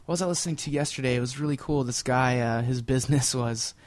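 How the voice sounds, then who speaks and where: A man's voice: medium pitch, fast. A young man in casual conversation, telling loose, rambling stories with lots of fillers and swearing. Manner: laid-back, rambling storytelling with fillers and swearing. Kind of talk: casual chat.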